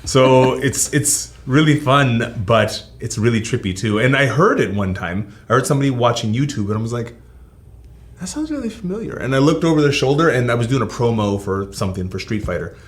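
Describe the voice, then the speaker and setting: A man's voice: medium pitch, fairly quick, few pauses. A man chatting casually as a guest voice actor in an interview, easygoing and enthusiastic, often repeating himself.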